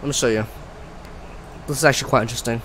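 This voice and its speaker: Dude streaming a flight sim, chatty and joking at himself, mid voice, faint hiss in the back. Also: male voice, mid-range voice, steady tone, racing, fairly bright tone, low-quality recording. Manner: chatty, self-mocking, trails off and restarts. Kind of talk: casual live-stream commentary.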